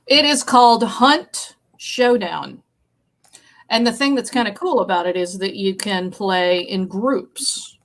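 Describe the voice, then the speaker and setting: Woman, podcast co-host, chatty and eager, mid-pitched, casual chat. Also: takes it slowly. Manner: chatty, enthusiastic storytelling.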